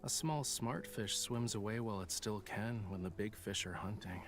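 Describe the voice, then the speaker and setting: A haughty young artist who looks down on cats and people alike, as a man voices him. His voice sits low and cool, his lines come out sardonic and melodramatic, with soft game music behind him. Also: normal speed, natural voice. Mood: aloof, sardonic.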